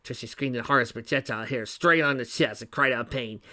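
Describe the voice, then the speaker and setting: A man reading fan fiction aloud in a steady voice, with small slips and restarts. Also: medium pitch, fast talker, dry recording, clean studio sound. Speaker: reader.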